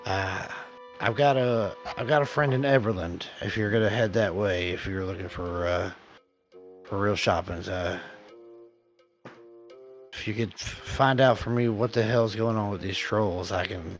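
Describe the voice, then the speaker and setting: A man's voice: fairly low pitch, measured pace, faint music behind, voice pushed down. A man voicing a frank, grateful female town leader who talks in a chatty, hesitant, folksy way. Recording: dull lo-fi audio.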